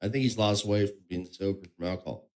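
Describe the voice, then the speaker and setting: A man's voice: lowish voice, fast, darkish tone. A young man streaming, telling a story in casual chat, laughing often and swearing freely.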